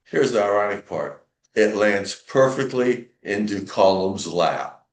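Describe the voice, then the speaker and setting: A man's voice: lowish voice, lively intonation, slow pace, echoey room. A man co-hosting a podcast, telling a comic story with lots of ums and uhs. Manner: chatty, filler-heavy telling. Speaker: podcast co-host.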